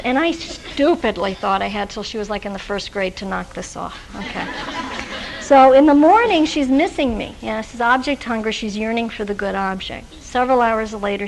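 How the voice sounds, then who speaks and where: A woman's voice: fairly high pitch, slight background noise, low-quality recording. A woman presenting a workshop lecture to social workers, talking in a conversational way with fillers and restarts. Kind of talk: recorded workshop lecture with personal anecdotes. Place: lecture room with a live audience.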